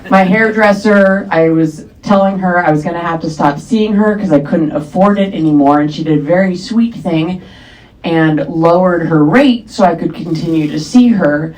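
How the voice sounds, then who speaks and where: A young woman with a deep voice performing a stand-up comedy set with a dry, deadpan delivery on a comedy club stage. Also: moderate pace, poor audio.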